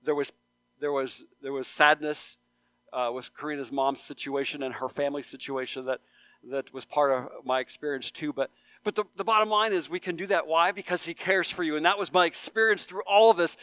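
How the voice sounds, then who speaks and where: A male pastor delivers an earnest sermon, circling back on his phrases and building to loud pleas. His voice sits a bit high and sounds smooth and resonant. The recording is close and dry. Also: brisk, dry recording. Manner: earnest, repeats phrases for emphasis, rises to loud appeals. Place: church sanctuary.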